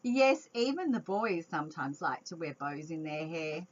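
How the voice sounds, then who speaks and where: A woman reading a picture book aloud to young children, expressive and chatty with her listeners. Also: low-pitched, normal speed, a little hiss or hum. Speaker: children's storytime reader. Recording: dull lo-fi home recording.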